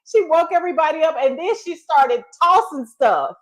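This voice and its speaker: A middle-aged woman telling stories in a casual chat, animated, often laughing and acting out quotes. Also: sits high, normal speed. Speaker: guest storyteller.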